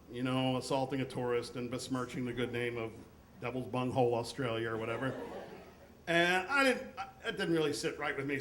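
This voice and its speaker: A man from the United States telling a comic personal story on stage with a deadpan, profane delivery. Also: medium pitch. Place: stage at a live storytelling event. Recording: echoey room, faint background noise.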